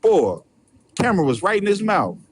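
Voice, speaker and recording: A man's voice: high-pitched, fairly quick, a little hiss or hum. A man hosting a show, delivering a heated, profane rant full of repetition. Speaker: host. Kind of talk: profane ranting commentary.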